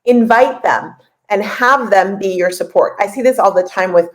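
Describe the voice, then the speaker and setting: A woman in her forties hosting a casual podcast and coaching listeners, chatty and lively, often laughing and repeating points for emphasis. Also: mid-range voice, moderate pace, low-quality recording. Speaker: podcast host and business coach.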